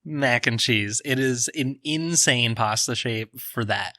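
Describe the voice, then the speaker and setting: Bright-toned man, wry and jokey. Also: medium pitch, dry recording, studio quality. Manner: wry, quick to act offended, jokey. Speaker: podcast co-host. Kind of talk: casual chat.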